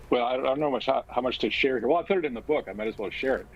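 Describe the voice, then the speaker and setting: An older man and physician, recounting a personal story slowly and with measured pauses. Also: medium pitch, slightly rough, dull audio. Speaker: guest, physician and author.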